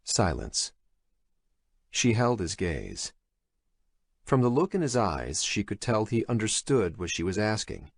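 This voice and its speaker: A male narrator reading a thriller audiobook in a measured, expressive storytelling manner. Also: on the low side, no echo. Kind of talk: scripted horror thriller narration.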